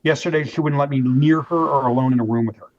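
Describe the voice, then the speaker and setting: Male interview guest, animated storyteller, mid pitch, muffled lo-fi audio. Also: fast talker. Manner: animated storyteller, acts out quoted voices, many restarts. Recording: dull lo-fi sound.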